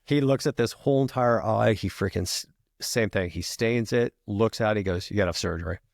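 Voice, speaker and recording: Deep-voiced man telling a rough story. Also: moderate pace, dry recording, studio quality. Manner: profane, fills every line with "freaking". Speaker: podcast guest, retired firefighter. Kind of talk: casual storytelling.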